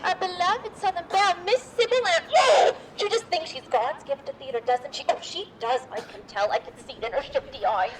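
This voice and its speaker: A woman's voice: very high-pitched, moderate pace, hardly any pauses, low-quality recording. A woman playing a fiery, ranting 1920s chorus girl. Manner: dramatic, ranting, gossipy. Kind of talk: live street theatre. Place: outdoors on a street. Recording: outdoor street noise.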